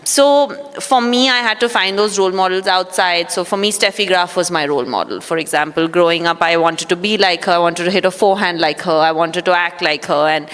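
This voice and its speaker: A woman, a guest telling her story at an on-stage interview in a measured, reflective way, with many fillers. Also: fairly low pitch, a bit bright, smooth. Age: 30s. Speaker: guest, former athlete. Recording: echoey hall.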